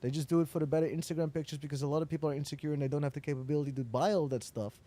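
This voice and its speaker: Man, fairly high voice, mellow tone, lively storyteller, casual swearing. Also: rapid-fire. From Netherlands. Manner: animated storyteller, acts out quoted dialogue, swears casually. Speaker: interviewee, entrepreneur. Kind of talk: casual interview chat.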